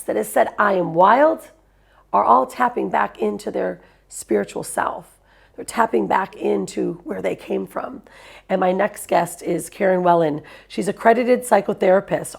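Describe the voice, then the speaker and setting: Gravelly-voiced enthusiastic woman host. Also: mid-range voice, a little mellow. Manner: effusive, enthusiastic introductions. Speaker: show host. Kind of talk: online summit interview.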